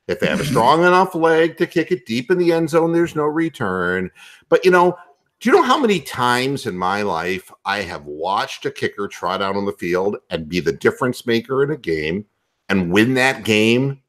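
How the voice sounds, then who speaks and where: A man hosting a sports talk show, ranting loudly and profanely with a comedic bent. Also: medium pitch, normal speed. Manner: loud, profane, animated ranting. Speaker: podcast host.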